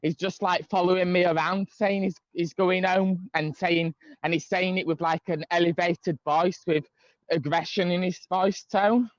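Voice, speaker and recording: A man's voice: sits high, steady tone, normal speed, dry recording, muffled recording. A man tells a long story in casual chat over a video call. He rambles, with many fillers and restarts. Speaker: guest caller.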